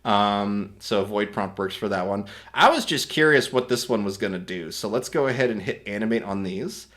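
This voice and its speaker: A man's voice: lowish voice, moderate pace, fairly bright tone. A man hosting a casual screen-recorded tutorial, explaining step by step in a rambling, self-correcting way and chuckling at his own remarks. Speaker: host demonstrating an AI video tool.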